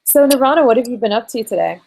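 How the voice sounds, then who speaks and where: A woman rambles through a casual live-streamed video chat, giggling between thoughts. Her voice has a gravelly fry at the bottom, and she talks in loose, looping sentences full of fillers. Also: fairly high pitch, lively intonation, fast talker, a little mellow, slight background noise, rough recording. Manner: giggly, rambling, lots of likes. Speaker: vlogger. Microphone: video call.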